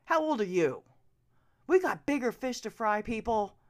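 Fired-up woman ranting with animated pitch. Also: moderate pace. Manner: profane, urgent, drops to hushed whispers. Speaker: vlogger. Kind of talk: impassioned direct-to-camera rant.

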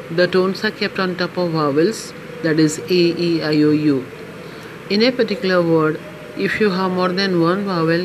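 Podcast language teacher, woman, deliberate and repetitive, noisy home recording. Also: on the low side, darkish tone. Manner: slow, deliberate teacher, repeating words carefully. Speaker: Mandarin trainer.

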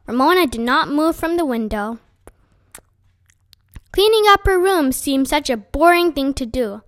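A high-voiced woman reading a children's book aloud. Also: no room sound, studio quality. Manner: gentle, expressive narration. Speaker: storyteller.

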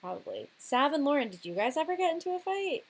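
A woman's voice: high voice, big pitch swings, fast, heavy background noise. A young woman hosting a casual chat, talking loosely with lots of fillers and frequent laughter. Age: young adult. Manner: chatty, laughs often, says "like" a lot.

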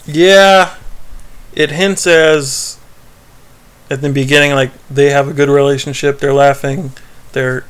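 A man's voice: medium pitch, flat delivery, takes it slowly, long pauses, fairly bright tone, smooth. A man co-hosting a podcast, chatting casually as he recaps a TV episode, rambling, laughing and acting out quoted lines. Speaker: podcast co-host.

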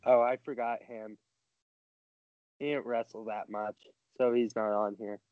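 A man's voice: on the low side, little pitch movement, measured pace. A man co-hosting a casual podcast, cracking dry jokes. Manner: dry, wisecracking. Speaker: podcast co-host. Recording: dry, dull lo-fi mic.

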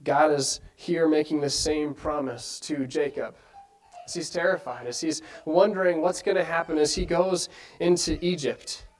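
Male preacher with a high voice, earnest sermon delivery, keeps posing questions to the congregation. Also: normal speed, poor audio. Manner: earnest, asks many rhetorical questions.

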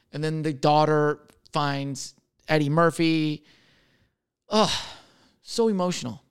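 Man, 30s, solo chat host; sarcastic, crude, self-mocking, a touch higher-pitched, with a smooth clear voice. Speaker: server, solo podcaster. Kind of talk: casual solo chat answering question cards.

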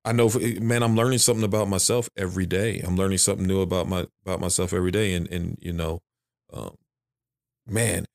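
Deep-voiced man talking frankly. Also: steady tone, quick pace, vocal fry, darkish tone. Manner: rambling, repeats phrases, frank and emphatic. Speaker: guest, father of three. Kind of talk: casual podcast conversation.

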